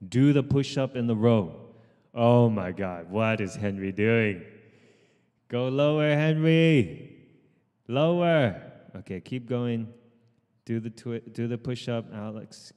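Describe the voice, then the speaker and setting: Man, fitness trainer, slow and unhurried, calling out counts outdoors, long reverb, from a distance. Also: medium pitch, smooth. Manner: shouted counting and encouragement, switching into Cantonese asides. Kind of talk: live workout coaching. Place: outdoors in the sun.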